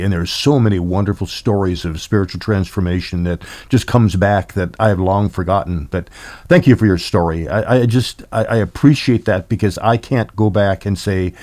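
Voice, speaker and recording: Older pastor with a deep voice. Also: male voice, darkish tone, no room sound. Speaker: pastor and host. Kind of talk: casual interview chat.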